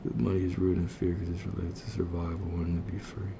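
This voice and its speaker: Low-voiced man teaching on a livestream. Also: little pitch movement, fast talker, creaky, background noise. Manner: reflective, repeats phrases, asks listeners questions. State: a little out of breath. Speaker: spiritual coach streaming to viewers.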